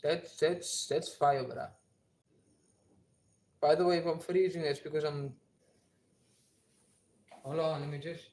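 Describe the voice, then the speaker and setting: A man's voice: fairly high pitch, steady tone, slow, long pauses, a little mellow, roomy sound. A young man chatting loosely on a livestream from home, full of slang and fillers. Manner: loose, rambling slang talk with many fillers. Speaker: livestream host. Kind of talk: casual livestream chat. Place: home, alone. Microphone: phone.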